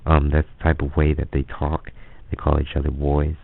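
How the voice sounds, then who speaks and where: A man with a very deep, gravelly voice rambles through a casual story, stumbling and restarting often. The sound is tinny and phone-like. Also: completely flat delivery, moderate pace. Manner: rambling, hesitant, many restarts. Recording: phone-like lo-fi audio.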